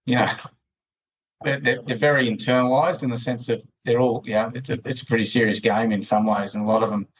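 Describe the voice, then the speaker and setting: A man's voice: medium pitch, fairly even intonation, brisk, poor audio. A man with an Australian accent, a podcast guest talking at length in a loose, rambling way full of restarts. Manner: rambling, many restarts and fillers. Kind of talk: casual interview chat.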